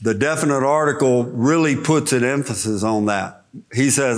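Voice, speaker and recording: A man's voice: medium pitch, moderate pace. A man preaching a sermon, teaching verse by verse through a Bible passage and explaining the original words.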